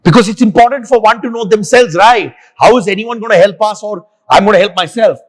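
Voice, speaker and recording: A man's voice: high-pitched, fairly quick. A man hosting an interview in a chatty, conversational way, asking open questions. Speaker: interview host.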